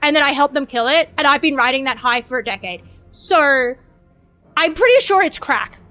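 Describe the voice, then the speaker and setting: A woman with a high voice chats on a live stream, rambling and cursing freely at her own expense. Faint music plays softly behind her. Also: lively intonation, moderate pace. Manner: rambling, profane, self-mocking. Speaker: VTuber streamer. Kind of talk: casual stream chat.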